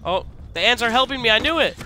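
A man's voice: very high-pitched, expressive, quick pace, pushed and bright, a little hiss or hum, low-quality recording. A young man streaming a survival game, joking with his viewers and talking to the bugs on screen. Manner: jokey, talks to his viewers and to the game creatures. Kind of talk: live gameplay commentary.

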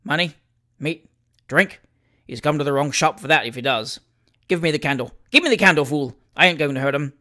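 A man voicing a gruff, bitter drunken old father. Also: fairly high pitch, normal speed, pauses often, pushed and bright. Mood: harsh. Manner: gruff, snapping.

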